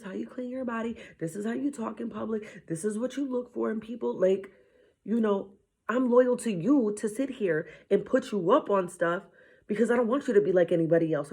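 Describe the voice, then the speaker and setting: A woman's voice: mid-range voice, warm tone, slightly rough. A mother telling a casual faith story, retelling talks with her children and dropping into whispers at times. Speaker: mother sharing a faith message.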